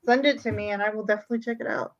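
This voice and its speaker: A woman's voice: mid-range voice, steady tone, very fast, no room sound. A woman chatting over voice chat, blunt and opinionated. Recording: dull lo-fi mic.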